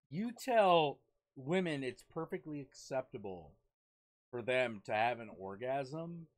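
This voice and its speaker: A man hosting a live stream, chatting crudely and rambling through comedy sketch retellings. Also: mid-range voice. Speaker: livestream host. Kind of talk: casual crude chat.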